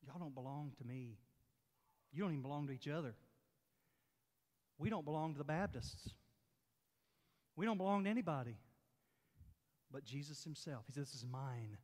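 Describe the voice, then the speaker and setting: A man's voice: fairly high pitch, expressive, normal speed, long pauses, a little mellow, long reverb tail. A man preaching a sermon as pastor, with an emphatic, repetitive delivery. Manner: emphatic, repetitive preaching with rising and falling force. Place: church sanctuary.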